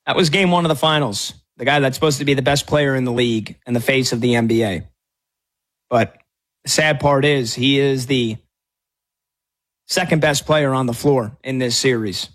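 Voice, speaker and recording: A man's voice: medium pitch, normal speed, fairly bright tone. A man hosting sports talk radio, arguing his case in a brash, mocking way.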